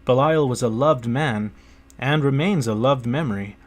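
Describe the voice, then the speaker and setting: An earnest merchant pressing his case to a prince in an audiobook, read by a man. The voice sits at an ordinary male pitch and leans forward with a pleading, persuasive push, keeping the reading plain rather than theatrical. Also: normal speed, close to an everyday voice. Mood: urgent.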